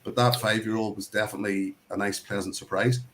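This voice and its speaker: A man's voice: on the low side, steady tone, quick pace, fairly bright tone. A man with a Northern Irish accent hosting a casual whisky chat on a video call, rambling and laughing often. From Northern Ireland. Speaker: host of online whisky tasting.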